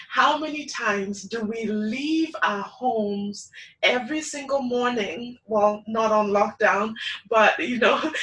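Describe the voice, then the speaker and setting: A woman's voice: on the high side, fairly bright tone, far from the mic, poor audio. A young adult woman preaching an informal sermon, personal and chatty, with frequent ums and light laughs.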